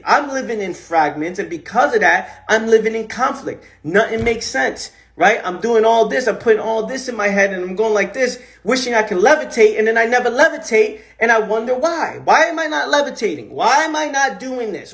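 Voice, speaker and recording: A man's voice: high voice, moderate pace, few pauses, fairly bright tone. A man hosting a live stream, speaking in an emphatic, repetitive, rambling way about how to live. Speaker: host. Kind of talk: casual motivational talk on a social media live stream. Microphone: phone.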